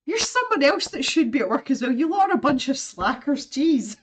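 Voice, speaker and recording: A woman's voice: high-pitched, big pitch swings, a little fast, a little hiss or hum. A woman with a Scottish accent hosting an art live stream, chatting casually while she draws, laughing often and greeting viewers.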